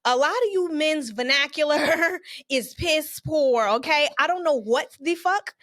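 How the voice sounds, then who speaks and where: High-pitched, blunt podcast co-host woman. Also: a little slow, a bit bright. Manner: blunt, profane, laughing storytelling. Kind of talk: casual chat.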